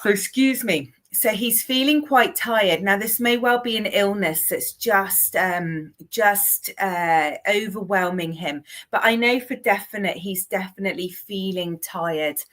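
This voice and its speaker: A woman's voice: medium pitch, a little slow, hardly any pauses, a bit bright. A woman with a broad Southwest English accent speaks to viewers in a live-stream mediumship session. She is chatty and familiar, and calls her viewers darling and sweetheart. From Southwest England.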